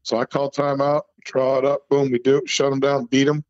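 A man's voice: mid-range voice, a little fast, no echo. A man in his fifties, a former football coach, telling stories as a guest, laughing often and acting out what people said. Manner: animated storyteller, laughs often, acts out quotes. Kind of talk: casual storytelling interview. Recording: dull lo-fi phone-call audio.

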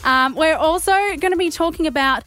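A woman hosting a radio show, upbeat and quick to laugh in casual chat. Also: high-pitched, pushed and bright, faint music behind. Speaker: radio host.

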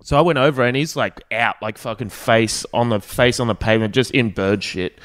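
A man's voice: medium pitch, brisk. A young man on a podcast, telling a rambling story full of swearing and acted-out quotes. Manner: rambling, heavy swearing, animated quoting. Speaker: podcast co-host. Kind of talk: casual storytelling chat.

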